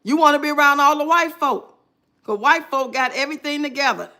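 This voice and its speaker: A woman's voice: sits high, a little fast, sharp tone. A woman giving blunt, sarcastic reaction commentary on a clip. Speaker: commentary streamer.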